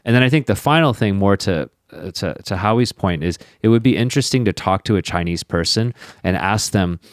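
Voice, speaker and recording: A man hosting a casual podcast conversation in a fairly low voice, teasing his guest and restarting his sentences often. The sound is dry and close-miked. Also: animated, fairly quick, no room sound. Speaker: podcast host.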